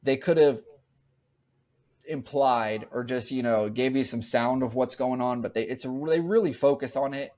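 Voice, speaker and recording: A medium-pitched man with a darkish tone speaks at a normal pace. As a podcast co-host chatting casually about a horror film, he wanders, repeats points, and keeps restarting what he's saying.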